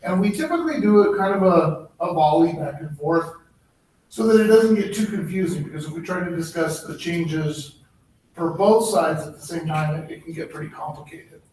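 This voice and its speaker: A man presenting at a board meeting, halting with many ums and restarts, his voice a little worn. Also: on the high side, lively intonation, darkish tone. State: slightly losing his voice. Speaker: human resources director. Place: public board meeting room. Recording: echoey room, distant mic, faint noise.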